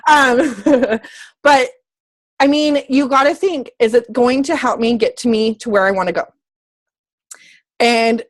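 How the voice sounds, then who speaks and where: Chatty excitable lady coach hyping up her team, kinda high voice, dry close sound. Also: dry recording. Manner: bubbly and chatty, with frequent self-corrections; excitable, squeals when happy. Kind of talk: casual motivational talk to a team.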